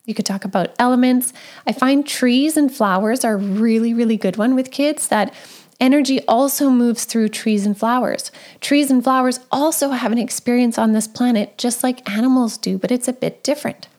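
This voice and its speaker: High-voiced woman giving gentle advice. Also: moderate pace. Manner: gentle, conversational, with frequent "like" and "right?". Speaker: parent sharing advice. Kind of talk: casual advice talk.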